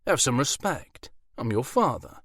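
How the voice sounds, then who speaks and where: A man's voice: mid-range voice, sing-song, a little slow, fairly bright tone, breathy edge, no echo, clean studio sound, pitched above the performer's own voice, exaggerated voice. A man voicing a smug, charming incubus demon who teases his grown daughter. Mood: teasing. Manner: teasing, indulgent, sly.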